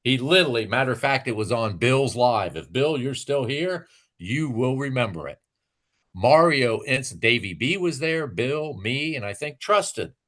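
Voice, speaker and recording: A man's voice: mid-range voice, expressive, unhurried, fairly bright tone. A man hosting a live stream, ranting and mocking in casual, profane chat.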